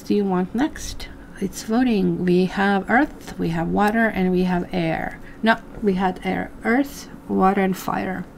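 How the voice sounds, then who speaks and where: A woman's voice: mid-range voice, gravelly, darkish tone, a little hiss or hum. A woman doing a chatty live tarot reading for viewers, full of fillers and asides. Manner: chatty, addresses viewers as guys, many fillers. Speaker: tarot reader.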